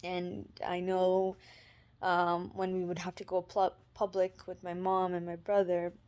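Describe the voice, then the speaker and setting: Young canadian woman vlogging about faith, kinda low flat voice, lots of um and you know. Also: clear, resonant tone. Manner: halting, many fillers and restarts. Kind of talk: personal faith vlog.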